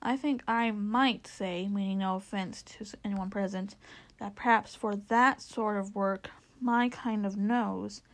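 A woman reading a storybook aloud, voicing a gentle, wise female elephant who speaks mildly and thoughtfully. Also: mid-range voice, steady tone, close to an everyday voice. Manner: mild, thoughtful, slow.

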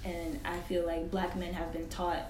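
A woman's voice: on the low side, monotone, normal speed. A young woman co-hosting a casual podcast chat, blunt and slangy, swearing freely. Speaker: podcast co-host. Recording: distant mic in an echoey room with noise.

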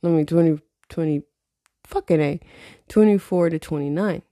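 A woman's voice: low-pitched, moderate pace, mellow, no echo, clean studio sound. A woman in her late twenties hosting her own podcast, chatting loosely with lots of swearing and laughter. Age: 20s. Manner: loose, profane, laughs often. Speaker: podcast host. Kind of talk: casual solo podcast chat.

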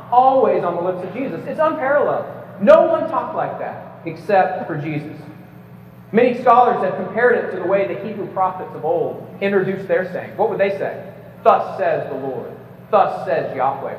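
A high-pitched man lectures a live audience through an emphatic, prepared debate speech, stumbling now and then and adding light jokes. There's slight background noise, and the distant mic in an echoey hall gives a slightly dull recording.

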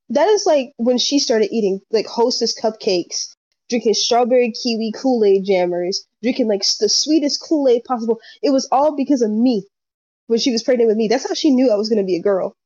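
Animated young woman, mellow voice. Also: on the high side, a little fast, no room sound. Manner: animated storyteller, acts out quotes. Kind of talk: casual chat. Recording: dull lo-fi sound.

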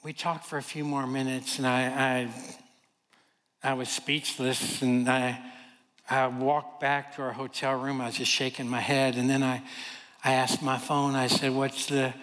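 A man from Kentucky preaching a sermon, telling a personal story in an animated way and acting out the voices of the people in it. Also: mid-range voice, measured pace. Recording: long hall reverb.

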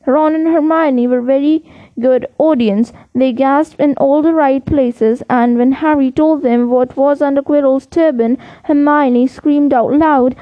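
A woman narrating a children's fantasy novel in a high voice. She reads slowly and carefully and sometimes stumbles over a word. The recording is dry and a little dull. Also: steady tone, no echo. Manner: slow, careful reading with small slips. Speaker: audiobook reader. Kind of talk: audiobook narration.

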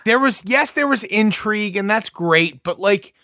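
A man co-hosting a podcast in casual chat, emphatic and quick to react. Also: high-pitched, lively intonation, sharp tone, no echo, clean studio sound. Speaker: podcast co-host.

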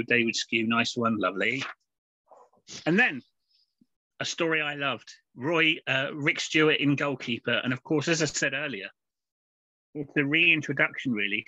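A man's voice: mid-range voice, sharp tone, dry recording. A man co-hosting a casual podcast, rambling along with plenty of fillers and restarts. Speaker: podcast co-host. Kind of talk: casual chat reviewing comics. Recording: dull lo-fi podcast audio.

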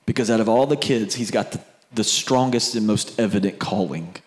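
A man's voice: lowish voice, moderate pace. A man preaching a sermon, telling a family story in a conversational way and speaking to the crowd directly.

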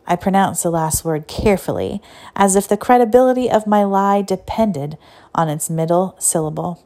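A woman's voice: fairly low pitch, normal speed, mellow. Woman reading a story aloud. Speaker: audiobook narrator. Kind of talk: scripted storybook narration.

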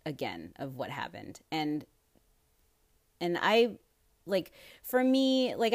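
A young woman hosting her own podcast, rambling in casual chat, swearing freely and getting worked up with outrage. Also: deep voice. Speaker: podcast host. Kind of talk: casual solo podcast talk.

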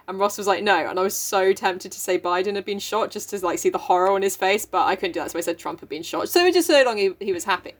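A woman's voice: medium pitch, quick pace, hardly any pauses. A young woman co-hosting a casual podcast, laughing often and swearing freely. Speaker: podcast co-host. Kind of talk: casual chat.

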